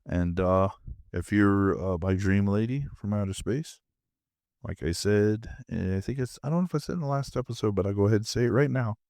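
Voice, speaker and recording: A man's voice: fairly low pitch, a little fast, darkish tone, dry recording, clean studio sound. A man hosting his own podcast from his home movie room, drowsy and half asleep, rambling in a laid-back, meandering way. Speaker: podcast host. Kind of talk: casual rambling monologue.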